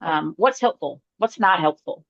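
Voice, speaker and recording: A woman's voice: lowish voice, lively intonation, a little slow, no room sound, muffled recording. A woman moderating a webinar over a video call, speaking casually with lots of fillers. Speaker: event moderator.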